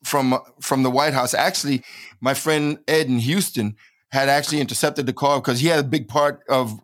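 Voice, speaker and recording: A man's voice: mid-range voice, fairly even intonation, normal speed. A middle-aged man telling his story as an interview guest, emphatic and repeating phrases for stress.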